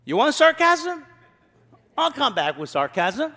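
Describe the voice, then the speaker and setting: High-voiced preacher in a reverberant hall. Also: male voice, sing-song, unhurried, pushed and bright. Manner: reads scripture then preaches with sarcastic asides; acts out quoted lines in raised voices. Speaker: pastor. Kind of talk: sermon.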